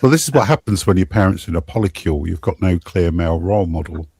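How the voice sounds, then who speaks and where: A man in a casual crude chat, dropping deadpan one-liners. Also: sits low, fast, a little hiss or hum.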